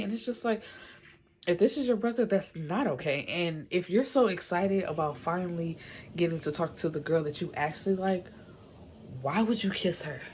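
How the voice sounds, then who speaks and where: A woman's voice: on the low side, a little fast, a little mellow, a little hiss or hum. A woman casually recapping a movie plot, chatty and slangy, full of "you know" and "like", with opinionated, exasperated asides. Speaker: movie reviewer.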